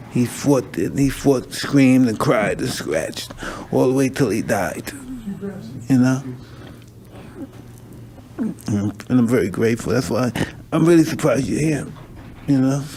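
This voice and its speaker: A man's voice: mid-range voice, warm tone, slight background noise. A man hosting a conversation, talking intensely and emotionally, repeating himself and swearing, at times crying. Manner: intense, emotional, repetitive, profane. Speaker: podcast host.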